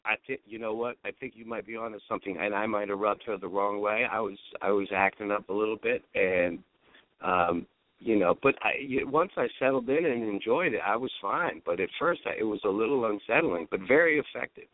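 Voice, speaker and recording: A man's voice: on the low side, brisk, dry recording. A man hosting an internet call-in radio show, laid-back and stammering, often repeating his words. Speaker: host. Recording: dry tinny phone line.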